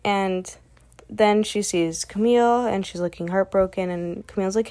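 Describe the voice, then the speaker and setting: Woman host, mid-pitched, casual rambling recap of a comic plot, loose and chatty. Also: steady tone, moderate pace, warm tone. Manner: rambling storytelling that relays each character with "and she's like". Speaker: webcomic recap channel host.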